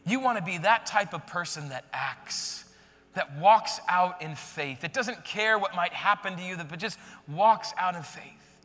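A man preaching a sermon, retelling a story in an animated, slangy way and then speaking earnestly to the congregation. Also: high-pitched, normal speed, in a large hall, faint music behind. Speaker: pastor.

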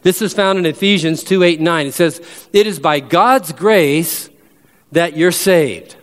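A pastor with a voice a little high for a man preaches a sermon, pressing his points emphatically and slowing down to read scripture verses aloud. A long reverb suggests a large hall.

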